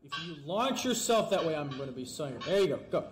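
A man giving let's-play commentary, talking fast and excitably and pleading and yelling at the game. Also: on the high side, background noise. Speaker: gamer.

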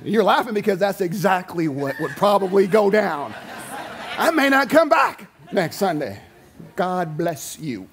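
Male pastor, sermon in a church, high voice, very animated pitch, acts out quotes. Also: measured pace, a faint crowd, slight background noise. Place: church sanctuary.

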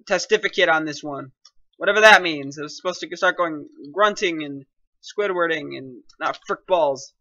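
Complaining and joking as he plays, a young gaming commentator is excitable and quick to mock himself in a high, sharply bright voice. The recording is close and dry with no room sound, and it sounds dull and lo-fi overall.

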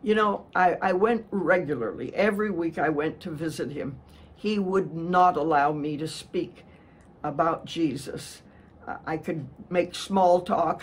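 A woman's voice: low voice, measured pace, slightly rough. A woman missionary preacher telling a story in a sermon, earnest and prone to restarting her words.

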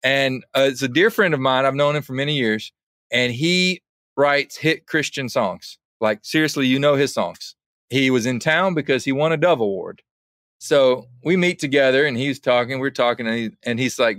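A man guesting on a podcast in casual conversation, an animated storyteller who drops his voice when quoting others. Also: mid-range voice, moderate pace, no room sound, clean studio sound.

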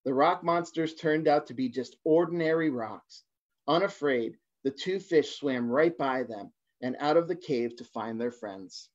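A man in his forties, a guest reader, reading a children's picture book on a livestream, halting at times with fillers and restarts. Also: medium pitch. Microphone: phone or laptop for a livestream. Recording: dull lo-fi livestream audio.

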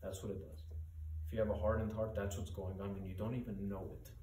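A male pastor delivers an earnest sermon, pressing his points with urgent rhetorical questions. His voice sits at a middle pitch and rings through a reverberant church room. He stands some way from the microphone, and a faint room hum runs underneath. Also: level tone, quick pace, dark tone, recorded from a distance. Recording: echoey room, voice from off-mic.

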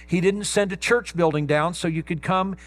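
Male pastor, emphatic sermon delivery, slightly higher-pitched voice. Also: soft background music. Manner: emphatic preaching, stresses key words slowly.

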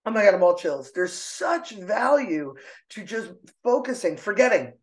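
A middle-aged woman speaking as a podcast guest, expressive and emotional, laughing often as she talks. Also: mid-range voice, moderate pace. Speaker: podcast guest, artist and author. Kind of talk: casual conversational interview. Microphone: own microphone.

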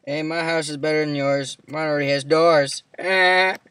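A man's voice: on the high side, steady tone, moderate pace, fairly bright tone, clear, resonant tone. A man chatting while playing a game with a friend, answering with dry, sarcastic comebacks. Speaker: co-player. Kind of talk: casual gaming chat. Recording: distant mic with faint noise.

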